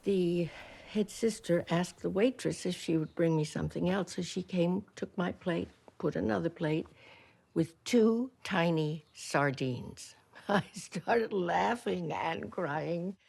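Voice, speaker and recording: A gentle elderly former war nurse looking back on her youth. She speaks softly and reflectively in a somewhat low voice, slipping into a whisper now and then. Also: unhurried, vocal fry. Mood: tender. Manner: soft, reflective, drops to a whisper at times. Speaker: former wartime nurse recalling her past. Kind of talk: first-person docudrama narration.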